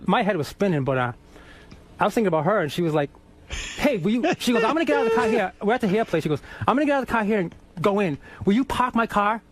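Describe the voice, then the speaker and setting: A man from Boston with a high voice races through his stories. He is animated, peppers his talk with swearing and laughs as he goes. Casual radio guest chat. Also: very fast. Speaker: guest musician.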